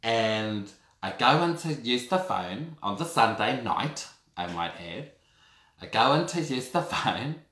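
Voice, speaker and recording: A man's voice: medium pitch, takes it slowly. A man, telling a personal story to camera in a camp, theatrical way. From New Zealand. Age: 30s. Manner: animated, camp and theatrical, calls the audience girl and darlings. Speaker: vlogger. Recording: echoey room.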